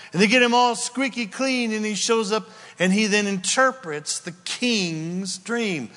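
Slow-speaking preacher in a big echoing hall. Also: male voice, high voice. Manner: animated storytelling, dropping to a hushed prayer. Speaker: pastor. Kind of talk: sermon. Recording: long reverb in a large hall.

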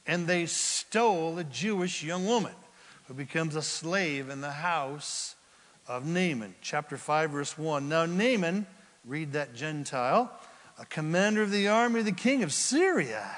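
A high-pitched man preaches through a passage verse by verse, animated and lively as he throws rhetorical questions at the congregation. He acts out the people in the story as he goes. His voice rings with the long reverb of a church hall. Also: unhurried. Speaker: pastor. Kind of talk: expository sermon.

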